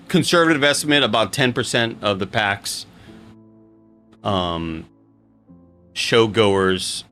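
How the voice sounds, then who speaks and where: A man's voice: mid-range voice, a bit bright. A young man streaming live, chatting casually with his audience in a rambling, joking way and swearing freely.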